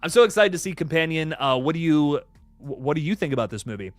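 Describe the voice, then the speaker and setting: Young man, casual live stream host, excitable, rambling, slightly high voice, dry close sound. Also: fast talker, no echo, faint music behind. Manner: rambling, excitable, many fillers and restarts. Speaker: horror news streamer.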